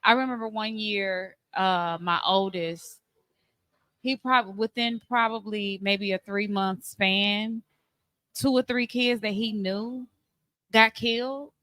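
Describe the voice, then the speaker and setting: A middle-aged woman, telling a heartfelt family story on a podcast with many fillers and pauses. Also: medium pitch, fairly even intonation, a bit bright, no echo. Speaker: podcast co-host. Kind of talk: candid conversation about parenting.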